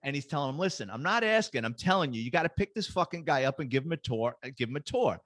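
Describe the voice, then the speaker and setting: A man's voice: a little high, quick pace, no echo. Middle-aged man telling profane stories. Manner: profane, lively anecdotal storyteller. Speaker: guest, retired police detective. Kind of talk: casual storytelling chat.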